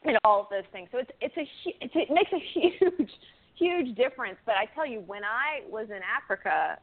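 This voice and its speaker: A woman's voice: on the high side, lively intonation, normal speed. A woman being interviewed as an author, talking casually and chattily with frequent laughs, fillers and restarts. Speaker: guest, author. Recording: phone-like band-limited audio.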